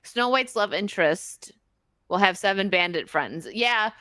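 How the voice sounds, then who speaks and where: Bright-voiced woman hosting a chat stream. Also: medium pitch, animated, unhurried, no room sound. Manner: laughs often, reads out donations. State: tired. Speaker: stream host. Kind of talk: casual live-stream chat.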